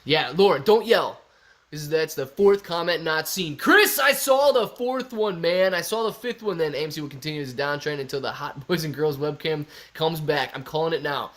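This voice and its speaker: Young man, livestream host, casual and jokey, reading chat aloud, a bit high-pitched. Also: a little fast. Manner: jokey, reads viewer comments aloud.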